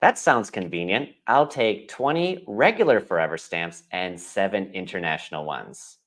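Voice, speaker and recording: A man's voice: sits low, lively intonation, moderate pace, a bit bright. A man reading the part of a polite post office customer in a practice dialogue, in a plain, polite way.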